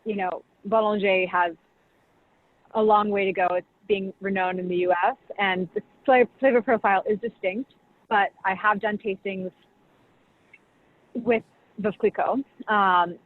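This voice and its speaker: A woman's voice: mid-range voice, fairly even intonation, unhurried, pauses often. A woman, a champagne brand director, talking casually over a video call and explaining tasting, with lots of "like" and "you know.". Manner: chatty, full of "like" and "you know". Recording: tinny video call audio with faint hiss.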